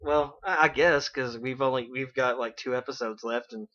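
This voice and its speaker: A man's voice: medium pitch, fairly even intonation, normal speed, sharp tone. A man hosting a casual internet radio show, retelling an anime episode with lots of "like" and "you know". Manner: chatty retelling with many fillers. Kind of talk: casual anime recap chat. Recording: dull lo-fi internet radio stream.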